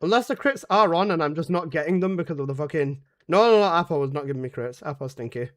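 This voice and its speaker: Talking fast with lively intonation, a young man in a slightly high voice rambles through casual commentary during a live game stream. He swears freely and gets sarcastic with his teammates.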